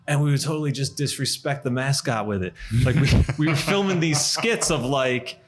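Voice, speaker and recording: A man in his thirties, a podcast guest in a coffee shop, telling funny stories in a quick, laughing way. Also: mid-range voice, noisy background. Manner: animated, laughing, fast anecdotes. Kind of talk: casual storytelling chat.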